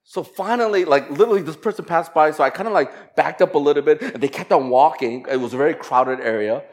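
Pastor guy preaching, slow on the verses then chatty and laughing through a story, voice jumps up and down. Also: a little high. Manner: conversational, animated storytelling with laughs and quoted voices; slow, emphatic on scripture phrases. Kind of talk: sermon with personal story.

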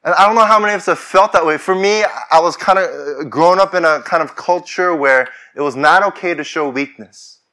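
A man's voice: fairly high pitch, a little fast, few pauses, pushed and bright. A man preaching a sermon as pastor, talking conversationally and rising to fervent declarations.

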